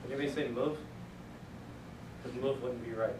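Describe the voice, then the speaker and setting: A man's voice: medium pitch, steady tone, a little fast. A man teaching a Bible Greek class, joking and encouraging, thinking aloud as he goes. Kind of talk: classroom lecture. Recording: echoey room from a distant mic with noise.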